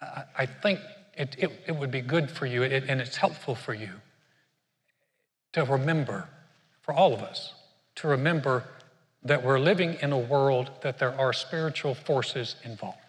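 A man's voice: mid-range voice, normal speed, in a large hall. An older man preaching a sermon in a conversational way, often repeating words as he restarts his sentences. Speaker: pastor.

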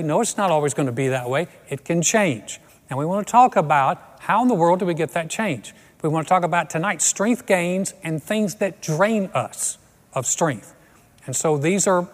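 A man's voice: a little high, big-room sound. A man preaching a sermon as pastor, conversational and earnest, repeating phrases for emphasis.

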